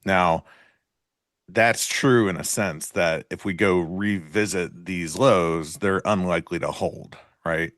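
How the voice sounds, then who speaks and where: A man co-hosting a live trading show, chatting casually and explaining market ideas in a relaxed way. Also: low-pitched, takes it slowly, dry recording, studio quality.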